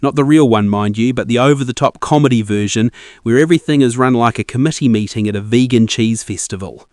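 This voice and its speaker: A man's voice: medium pitch, brisk, darkish tone, dry recording, studio quality. A man narrating a scripted comic monologue in a wry, self-mocking tone.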